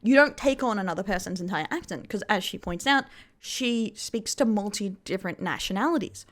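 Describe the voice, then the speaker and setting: A woman's voice: mid-range voice, expressive, brisk, a bit bright. Skeptical Australian woman commentator. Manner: skeptical, critical. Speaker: vtuber news commentator. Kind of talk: commentary over clips.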